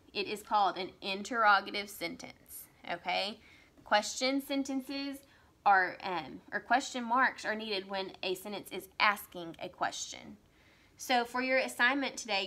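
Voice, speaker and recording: Bright-voiced woman teaching young kids. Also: mid-range voice. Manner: slow, exaggerated read-aloud of example sentences. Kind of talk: recorded online writing lesson for young children.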